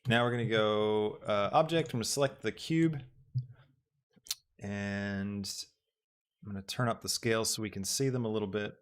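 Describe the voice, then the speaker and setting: A young man hosting a live software tutorial, thinking aloud as he works with lots of ums. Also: on the low side, normal speed, pauses often, smooth. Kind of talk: live-streamed casual tutorial.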